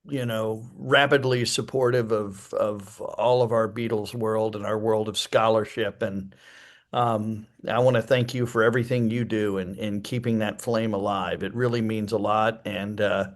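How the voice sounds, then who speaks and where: An author appearing as a guest answers in a fairly low voice with fairly even intonation at normal speed. His replies in this casual interview chat are thoughtful and rambling, with frequent fillers.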